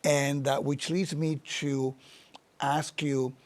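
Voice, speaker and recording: A man's voice: a little high, little pitch movement, takes it slowly. Man hosting an easygoing interview. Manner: affirming, asks long searching questions. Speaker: interview host, university chancellor. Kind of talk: conversational interview.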